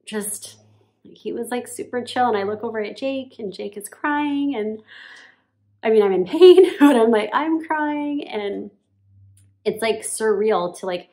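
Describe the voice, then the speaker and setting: A woman's voice: mid-range voice, gravelly. A woman casually telling her birth story while nursing her baby at home, chatty and full of "like" and laughs. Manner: chatty, lots of "like", laughs often.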